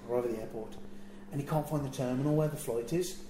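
A man's voice: medium pitch, fast talker, few pauses. A man recounts a trip gone wrong, slipping into the voices of the people in the story. His voice sits in a middle register. The room is echoey, with a faint hum of ambience behind him. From England. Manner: animated storyteller, acts out quotes. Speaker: wrestler telling a road story. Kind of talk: casual anecdote.

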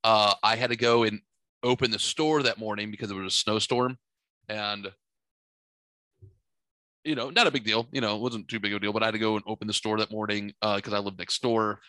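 A man co-hosting a casual chat, telling a long story in a rambling, animated way. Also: on the low side, brisk, no echo. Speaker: podcast co-host.

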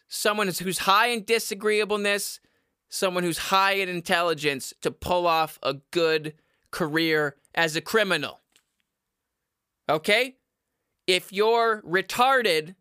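A young man hosting a comedy podcast, yelling and rambling through an unscripted monologue into a microphone in a basement. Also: high voice, clear, resonant tone, dry recording, studio quality. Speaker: podcast host. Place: home basement. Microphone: studio microphone.

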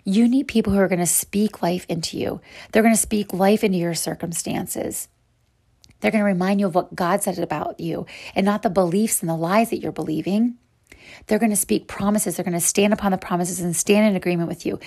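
A woman's voice: mid-range voice, steady tone, brisk, a little mellow. A woman hosting a podcast and teaching a Bible devotional, speaking in an earnest, encouraging way to her listeners as sisters.

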